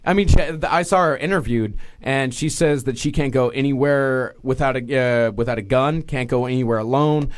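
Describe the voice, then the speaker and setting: A man's voice: medium pitch, moderate pace, hardly any pauses, clean tone. A man co-hosting a podcast, telling a true-crime story casually with lots of fillers and restarts. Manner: rambling, full of fillers and restarts. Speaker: podcast co-host.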